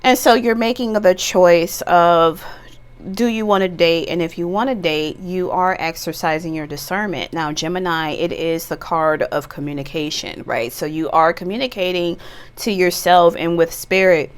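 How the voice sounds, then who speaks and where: A woman's voice: lowish voice, normal speed, smooth. A woman giving a casual pick-a-card tarot reading, chatty and playful, with bawdy jokes and bursts of laughter. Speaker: tarot reader.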